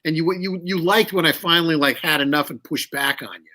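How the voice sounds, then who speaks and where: A man telling candid stories as an interview guest, animated and swearing freely. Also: fairly high pitch, a little fast. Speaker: guest musician. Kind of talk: casual storytelling.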